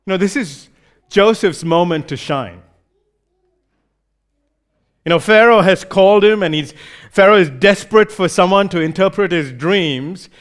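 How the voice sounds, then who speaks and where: A man with a notably high-pitched voice delivers a sermon, teaching through a scripture passage. He talks in an easy, explanatory way and slips briefly into the voices of the people he quotes. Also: a little slow, long pauses. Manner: explanatory, acts out short quoted lines. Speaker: preacher.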